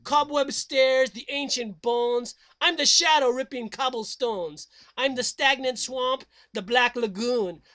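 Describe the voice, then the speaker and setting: A man voicing a theatrical, menacing male vampire count who declaims slowly and dramatically and cackles. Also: very high-pitched, pushed and bright, pitched above the performer's own voice, full character voice.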